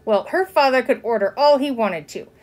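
Expressive woman reading a children's book. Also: on the high side, moderate pace. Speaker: reader. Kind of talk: storybook narration.

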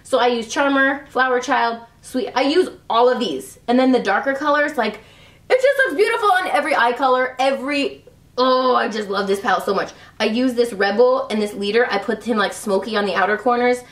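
Speaking at normal speed in a slightly high voice, a woman in her thirties reviews her favorite beauty products as a vlogger. She gushes and chats casually, saying "like" and "love" constantly, and the mic is distant, leaving the sound roomy and a little off-mic.

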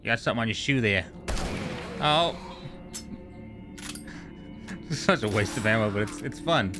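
A man giving casual gameplay commentary, excitable and profane, joking with the characters he meets. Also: on the low side, normal speed, over music. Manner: excitable, profane, jokey, talks to game characters. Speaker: gamer streamer. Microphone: studio microphone.

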